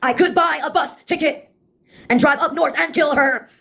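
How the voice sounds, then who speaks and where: A woman's voice: sits high, normal speed, gravelly, sharp tone. A woman delivering a rambling spoken-word monologue, blunt and full of swearing.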